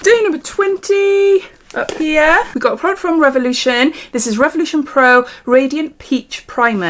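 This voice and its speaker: A middle-aged woman with a British accent talks through an unboxing in a relaxed, chatty way. Her voice sits a little high, and she often thinks aloud. She is recorded on a phone indoors at home. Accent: British English. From United Kingdom. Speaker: beauty vlogger. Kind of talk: casual unboxing chat.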